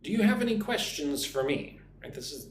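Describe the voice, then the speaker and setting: Lively English teacher man, echoey room. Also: a little high, slight background noise. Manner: reads viewer comments aloud, slow drilled pronunciation. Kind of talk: live-stream English lesson.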